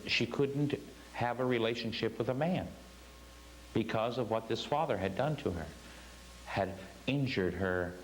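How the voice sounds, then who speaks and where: A man's voice: lowish voice, slight background noise, poor audio. A man teaching a spiritual class, telling a story earnestly and stressing his points with repeated phrases.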